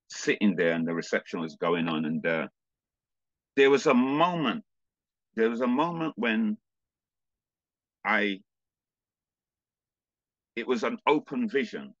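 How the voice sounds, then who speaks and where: Low-voiced pastor telling a story. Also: male voice, a bit bright, no room sound, muffled recording. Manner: storytelling, laughs often, halting with fillers. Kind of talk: sermon testimony.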